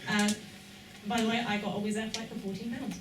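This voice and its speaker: A woman's voice: medium pitch, little pitch movement, a little fast, a crowd in the background. Woman hosting an event in an echoey hall. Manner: informal, with hesitant fillers. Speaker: event host. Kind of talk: closing remarks at an event. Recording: echoey hall, distant mic, background noise.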